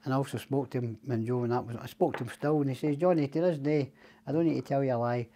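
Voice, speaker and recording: A man's voice: mid-range voice, fairly even intonation, fast, warm tone, a little hiss or hum. A Scottish man telling long stories as a podcast guest, rambling and swearing freely. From Scotland. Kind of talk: casual storytelling chat.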